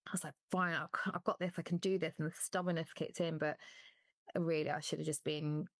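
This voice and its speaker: A former athlete gives an emotional interview, speaking candidly in a low-pitched, flat, fairly quick voice. She laughs at times, and at others her voice catches as she comes close to tears. The recording is dry.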